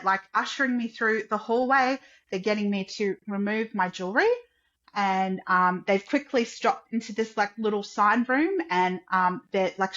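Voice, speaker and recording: A woman's voice: medium pitch, fairly bright tone, lo-fi sound. A woman guest on a podcast, casually telling a personal story in a chatty way, full of "like" and acting out what others said. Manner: chatty, acts out quotes, many "like" fillers.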